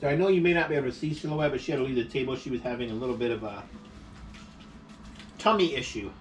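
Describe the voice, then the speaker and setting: A man with a mid-range voice talks at a quick pace while hosting a casual food vlog at home. Playful and chatty, he laughs often during this relaxed mukbang chat at his dining table. The audio comes from a distant camera mic and carries faint noise.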